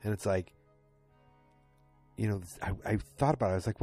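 A man's voice: lowish voice, brisk, mellow, soft background music. A tired man casually recapping a TV episode, rambling and often stopping to correct himself. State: tired and yawning late at night. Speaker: podcast host recapping a TV episode.

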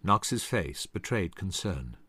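A man reading a scripted history narration in a dramatic, expressive way into a close studio mic. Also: sits low, slow pace, slightly rough, no room sound.

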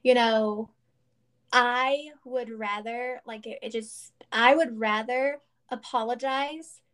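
A woman in her thirties with a fairly high-pitched voice speaks slowly while co-hosting a casual chat. She tells stories earnestly and animatedly, using lots of fillers.

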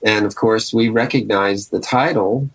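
A man giving relaxed, conversational commentary on archival recordings of old songs. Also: fairly low pitch, a little slow, breathy edge, poor audio. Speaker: archival music presenter. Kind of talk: casual spoken commentary between archival song clips.

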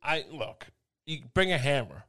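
A man's voice: fairly high pitch, sing-song, moderate pace, bright, forceful tone. Crude, joking man in casual chat. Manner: crude, profane, riffing jokes with restarts.

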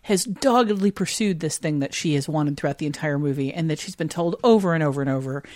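A woman's voice: low-pitched, fast, darkish tone, no echo. A woman in a casual film discussion, skeptical and ready to argue. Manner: skeptical, argumentative.

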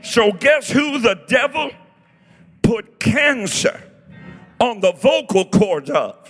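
A preacher in his sixties with a very high, bright voice, shouting his sermon in slow, drawn-out bursts. He shouts and exhorts the crowd over faint music in the background. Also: big pitch swings. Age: 60s.

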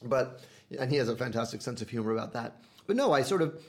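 A man, a guest at a brunch in a home kitchen, telling stories in an animated way. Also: medium pitch, fast, breathy edge. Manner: animated storyteller. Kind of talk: casual chat over brunch. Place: house kitchen.

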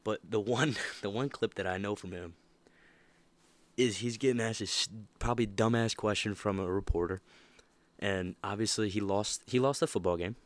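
Deep-voiced young man hosting a podcast. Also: moderate pace, no room sound. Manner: animated, emphatic, laughs often. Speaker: podcast host. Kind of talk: casual motivational monologue.

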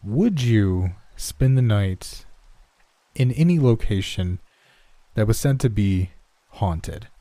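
A man who hosts a show, narrating a classic horror story and chatting casually, often pausing to search for words. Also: fairly low pitch, expressive, dark tone, no echo. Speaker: podcast host, story reader.

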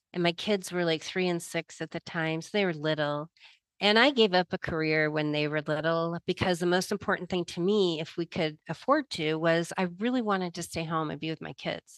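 A middle-aged woman earnestly recounting a deeply personal experience, emotional and vivid in her telling. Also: fairly bright tone, no room sound. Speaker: guest telling a near-death experience. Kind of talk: personal testimony.

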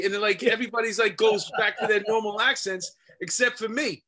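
A man with a New York accent and a bright, forceful, fairly high voice. He talks in an animated, emphatic way, stumbling over fillers as the words pour out. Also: fast talker. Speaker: actor, co-host. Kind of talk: casual chat.

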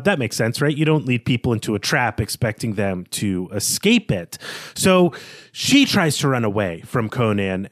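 A man's voice: mid-range voice, dry recording. A man co-hosting a podcast recaps a story in an easy, conversational voice. He talks in loose, chatty sentences and backs up often to restart them. His voice sits in a middle range, and the recording is dry and close. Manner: chatty, many fillers and restarts. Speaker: podcast co-host.

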